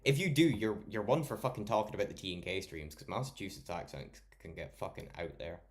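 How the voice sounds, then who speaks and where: Male livestreamer, deep low voice, loose sweary late-night chat with viewers. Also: fast talker. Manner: swears a lot, chatty, talks to chat by name.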